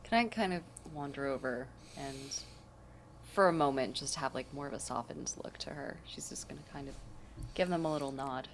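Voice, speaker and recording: Low woman, tabletop player, soft-spoken. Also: moderate pace, slight background noise. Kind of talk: tabletop role-play.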